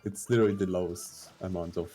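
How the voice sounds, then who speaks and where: Low, dark-voiced male commentator with halting speech. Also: steady tone, faint music behind. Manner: halting, analytical, many fillers. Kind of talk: live esports commentary.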